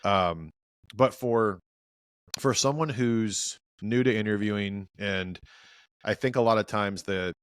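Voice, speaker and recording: A man's voice: fairly low pitch, slow, smooth, dry recording, rough recording. A man hosting a podcast, asking long, winding questions of his guest. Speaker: podcast host. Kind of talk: podcast conversation.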